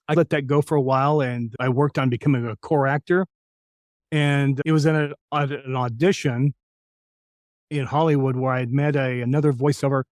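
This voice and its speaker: A man's voice: medium pitch, no echo. Middle-aged man telling stories, dry sound. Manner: animated, slips into impressions of other voices. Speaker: voice actor guest. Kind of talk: casual interview storytelling.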